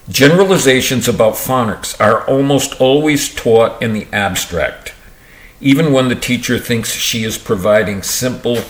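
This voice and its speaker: A man reads aloud from a book, slow and unhurried at a middle pitch. He stumbles, starts phrases over and drops in casual remarks of his own. The room around him is echoey. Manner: unpolished, restarts misread words and comments. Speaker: reader of a book on dyslexia. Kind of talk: reading aloud with asides.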